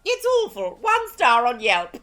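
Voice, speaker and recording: A woman's voice: fairly high pitch, wildly swooping pitch, pushed and bright, faint music behind, voice pushed up, full character voice. A woman putting on the voice of an elderly posh queen, plummy and fussy. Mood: haughty. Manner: plummy, drawn-out complaints.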